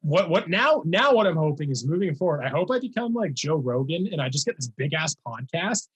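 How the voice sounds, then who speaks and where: Young guy hosting a podcast, kinda high husky voice, rambles a lot w fillers. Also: fairly quick, rough recording. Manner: rambling and animated, heavy on "like" fillers. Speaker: podcast host and music reaction creator. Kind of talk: casual podcast chat.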